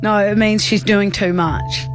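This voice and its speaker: An Australian woman co-hosting a radio show, playful and quick, laughing often. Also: mid-range voice, fairly even intonation, music in the background. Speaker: radio co-host. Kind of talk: breakfast radio banter.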